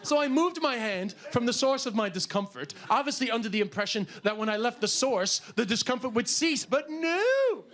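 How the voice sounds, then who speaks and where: A man performing stand-up comedy, telling an animated story and shouting the punchlines. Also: very high voice, normal speed, few pauses. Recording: live club recording with audience noise. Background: audience laughter.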